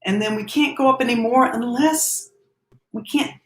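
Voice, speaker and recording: A woman giving a breathing lesson, speaking gently and reflectively and singing lines of a song between her remarks. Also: fairly high pitch, normal speed, roomy sound, slight background noise, poor audio. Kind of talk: breathing lesson with sung demonstration.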